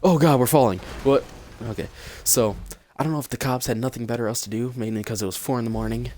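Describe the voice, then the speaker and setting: A young man casually telling a personal story on his channel, acting out what people said with lively energy. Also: mid-range voice, quick pace, a little hiss or hum. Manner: animated storytelling, acts out quotes. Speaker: vlogger. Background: cat in the room.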